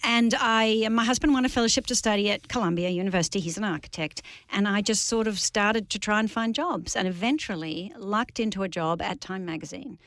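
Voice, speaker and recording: Australian woman guest, articulate and conversational, mid-pitched, dry close studio sound. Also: a little fast, hardly any pauses, a bit bright, dry recording. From Sydney, Australia. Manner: articulate and conversational, explaining ideas at length. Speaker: guest, author and journalist. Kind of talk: radio interview. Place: radio studio.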